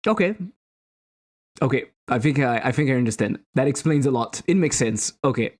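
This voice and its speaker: A man's voice: medium pitch, a little fast, darkish tone. A man streaming his game development, chatting casually and joking around with playful swearing. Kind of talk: casual livestream chat while coding.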